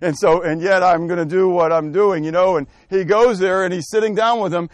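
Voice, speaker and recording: A little fast and high-pitched, a man quizzes his Bible study group and calls on members by name, correcting himself as he thinks aloud during the interactive lesson. There's no echo.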